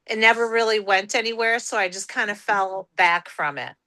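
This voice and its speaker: A woman's voice: medium pitch, moderate pace, bright, forceful tone, no room sound. A woman talking on a group video call, hesitant and hedging, with many fillers. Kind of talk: casual conversation on a video call.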